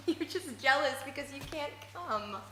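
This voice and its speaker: An actress playing a manic, defiant woman arguing with her husband, excitable with brittle laughter. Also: high-pitched, a little slow. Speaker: drama student in a showcase scene. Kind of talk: dramatic two-hander scene. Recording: echoey room with hiss.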